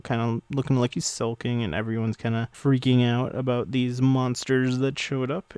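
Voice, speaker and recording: A man's voice: mid-range voice, gravelly, a little mellow, dry recording. A man reviewing a manga chapter in a loose, rambling way, with lots of filler words.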